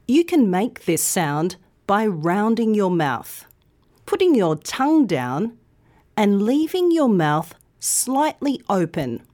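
A middle-aged woman hosting a scripted pronunciation lesson, modelling sounds slowly and carefully. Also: medium pitch, a little mellow. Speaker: pronunciation teacher, host.

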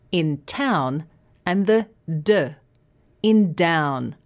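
Slow, lively woman pronunciation teacher. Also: fairly low pitch. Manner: slow, clear, careful articulation. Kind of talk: scripted podcast lesson.

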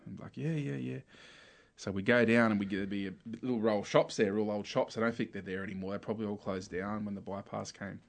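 Australian man, lowish voice, relaxed storyteller, casual slang-filled chat. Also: quick pace, hardly any pauses.

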